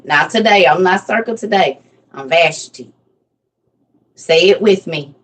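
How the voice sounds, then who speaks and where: A woman's voice: on the low side, expressive, unhurried, a bit bright, distant mic. A woman in her forties giving a casual Bible lesson, playful and constantly quizzing her listeners. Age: 40s. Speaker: Bible teacher.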